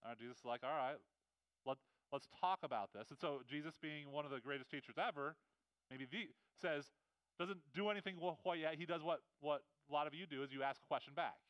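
High, clear-voiced man preaching a sermon. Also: brisk, no room sound, lo-fi sound. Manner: conversational and animated, frequent repetitions and restarts. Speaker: pastor.

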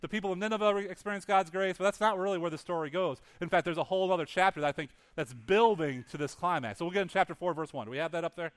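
A man's voice: high voice, very fast, hardly any pauses. A male pastor preaching a sermon, telling a story with lots of animation and acting out the characters' lines, often restarting and repeating words.

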